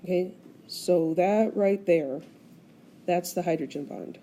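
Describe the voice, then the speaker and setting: With slight background noise behind her, a woman whose voice is on the low side, warm and slow teaches chemistry in a tablet screencast. She guides students step by step and puts questions to them.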